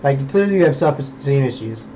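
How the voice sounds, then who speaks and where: A man's voice: mid-range voice, lively intonation, a little fast, warm tone, dull audio, a little hiss or hum. A young man streaming, rambling in casual chat, swearing a lot and preaching about belief.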